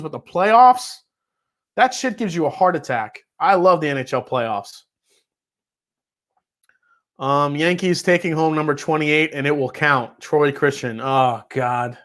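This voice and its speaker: A man with a New York accent runs a laid-back whiskey livestream, reading viewer messages aloud and chatting loosely with some casual swearing. His voice sits on the high side with a fairly bright tone.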